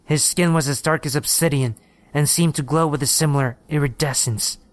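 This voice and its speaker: A man reading a horror story aloud in steady, measured scripted narration. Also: a little high.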